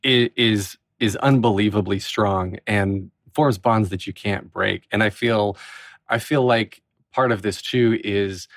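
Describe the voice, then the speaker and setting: A man's voice: fairly low pitch, measured pace, no room sound, clean studio sound. A man hosting a podcast, asking questions and reflecting in an earnest, casual way. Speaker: podcast host. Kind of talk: casual interview.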